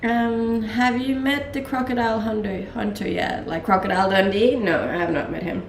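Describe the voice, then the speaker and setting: With a gravelly mid-range voice at normal speed, a young woman from Denmark answers questions on a live stream in a relaxed way, laughing often and filling gaps with fillers. A little hiss or hum sits under the echoey audio from a slightly distant mic.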